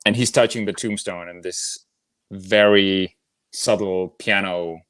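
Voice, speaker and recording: Low-voiced hesitant man, dry sound. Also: fairly even intonation, slow pace, a bit bright, smooth, no echo. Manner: nervous, hesitant, fidgety. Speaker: podcast co-host. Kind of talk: casual movie discussion.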